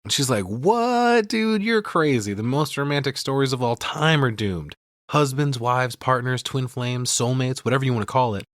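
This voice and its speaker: A man co-hosting a podcast, retelling a film's scenes in a profane, animated way and acting out the dialogue. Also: medium pitch, moderate pace, dry recording, studio quality. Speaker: podcast co-host. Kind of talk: casual movie recap chat.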